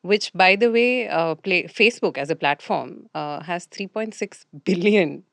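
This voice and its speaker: A woman's voice: on the low side, a little slow, gravelly, a bit bright, dry recording. A woman co-hosting a casual career podcast, giving wry and thoughtful commentary. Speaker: podcast co-host. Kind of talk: casual conversation.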